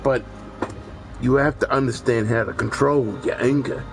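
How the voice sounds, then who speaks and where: A man's voice: medium pitch, fairly even intonation, moderate pace, music in the background, poor audio. A man, chatting casually and rambling while he plays a video game, swearing freely and often restarting his sentences. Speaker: gaming streamer. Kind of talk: casual chat while gaming.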